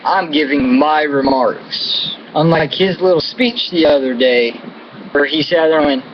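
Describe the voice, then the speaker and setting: A man's voice: on the high side, measured pace. An American man delivering an angry, profane political rant to camera, full of contempt and insults. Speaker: vlogger. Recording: dull lo-fi audio with air-conditioning hum.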